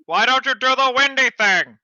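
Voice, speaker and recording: A man doing a loud, bossy hero-urger. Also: very high-pitched, normal speed, no echo, muffled recording, pitched above the performer's own voice, exaggerated voice. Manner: shouting, demanding, theatrical. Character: pushy loud man urging a hero to act.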